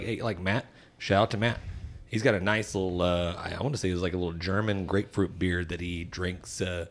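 A man with a somewhat low voice chatting casually on a podcast. He rambles through his thoughts with plenty of "uh" and "I mean", joking with the others as he rates a beer. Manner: rambling, joking, with many fillers. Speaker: podcast co-host, barbecue team member. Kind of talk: casual beer-review chat.

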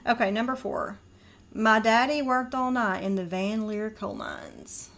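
A woman's voice: mid-range voice, big pitch swings, measured pace, vocal fry, a bit bright. A woman co-hosting a podcast, chatting casually, laughing often and breaking into song while quizzing her sister. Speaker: podcast co-host. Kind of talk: casual chat, quizzing by reading and singing lyrics.

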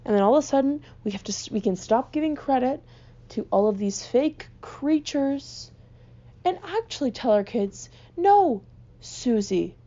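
A young woman, ranting in an exasperated, swearing, animated way as a podcast host. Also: high-pitched, normal speed. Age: young adult. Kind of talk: casual comedic rant. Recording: dull lo-fi recording.

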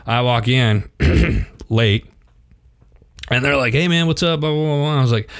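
A man's voice: medium pitch, a little slow. A man in his thirties, a podcast guest, telling stories in a casual interview and acting out quotes in a raised voice. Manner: animated, acts out quotes in a raised voice.

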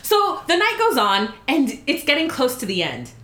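A woman telling a story in casual chat, animated and giggly, acting out the dialogue. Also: sits high, normal speed, reverberant.

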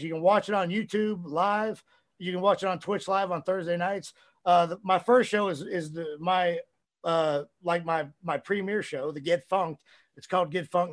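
A man with a high voice rambles through a casual podcast chat. He swears freely, telling stories loosely and with energy. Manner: profane, rambling, animated storytelling. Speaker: podcast guest, wrestler.

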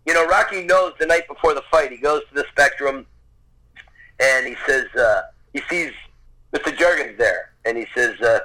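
A man's voice: medium pitch, normal speed, pushed and bright, poor audio. A man telling a personal childhood story in an earnest, conversational way, acting out the voices of the people in it. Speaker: storyteller guest. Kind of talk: personal anecdote, casual storytelling.

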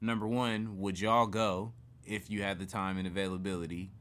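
A man hosting a casual sports podcast, profane and animated, getting loud when worked up. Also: sits low, moderate pace. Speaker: podcast host.

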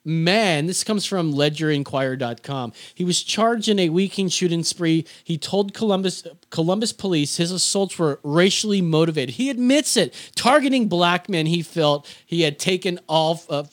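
A man hosting a podcast in casual chat, swearing freely and rambling excitedly. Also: high-pitched, normal speed, hardly any pauses. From Filipino family. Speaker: podcast host.

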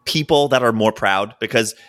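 A man co-hosting a casual podcast chat, telling stories in an animated, joking way. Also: lowish voice, moderate pace. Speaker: podcast co-host.

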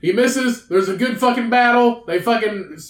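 A man with a fairly high voice rambles through a crude, profanity-laced story in casual podcast chat. His voice rings in a roomy, echoey space. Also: moderate pace, a bit bright. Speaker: podcast co-host.

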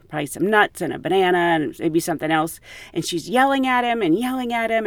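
A woman hosts a podcast and tells her stories with a lively, swooping voice. She laughs as she goes. The sound is close and dry, with no room around her. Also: lowish voice, no echo. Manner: animated, laughs often while telling stories. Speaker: podcast host. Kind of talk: casual storytelling.

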